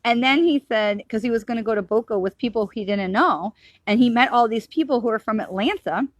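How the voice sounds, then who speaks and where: A woman's voice: fairly high pitch, fairly quick, dry recording. A middle-aged woman, a psychic medium, talking casually and earnestly in a rambling, reassuring way about spiritual matters. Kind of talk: casual spiritual talk to camera.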